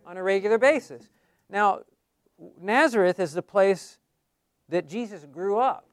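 A man's voice: high voice, a little slow, no echo, clean studio sound. A man teaching a class on how to give Bible studies, in a conversational way that keeps asking the class questions.

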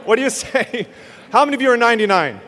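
A man hosting a ministry program, telling a lively story and acting out what people said. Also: extremely high pitch, fast talker. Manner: animated storyteller acting out quotes. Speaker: host. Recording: long hall reverb.

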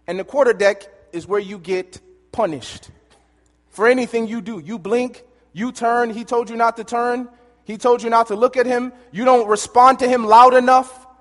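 A man preaching a sermon, telling lively stories and calling for answers from the listeners, heard with long hall reverb. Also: very high-pitched, moderate pace. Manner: lively storytelling, calls for audience answers.

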